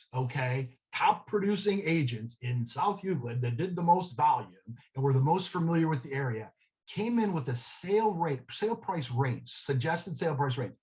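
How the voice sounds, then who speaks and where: A man's voice: fairly high pitch, a little mellow, low-quality recording. A man giving a real estate sales training talk, telling a story in a conversational way and checking in with the room often. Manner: conversational storytelling, frequent "okay?" check-ins.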